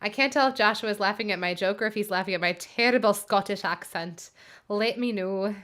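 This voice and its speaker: A woman's voice: medium pitch, fairly quick, a bit bright. A woman hosting her own live music stream, chatting casually with viewers, giggly and full of fillers.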